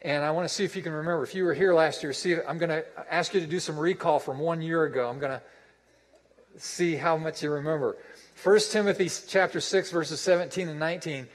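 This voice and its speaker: A man's voice: on the high side, fairly quick, big-room sound, rough recording. A man preaching a sermon as pastor, emphatic and repeating his phrases for effect.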